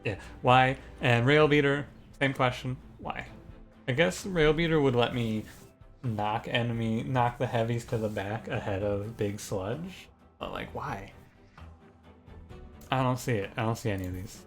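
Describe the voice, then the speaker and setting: A young man streams a card game, commenting casually and thinking aloud, restarting often and growing ranty and exasperated. His mid-range voice is a little slow, with soft music playing behind him.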